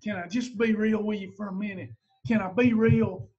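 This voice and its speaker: A man's voice: sits high, fairly even intonation, normal speed, slightly rough, muffled recording. A man giving a motivational livestream talk, preachy and emphatic, hammering home points by repeating his phrases. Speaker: motivational speaker.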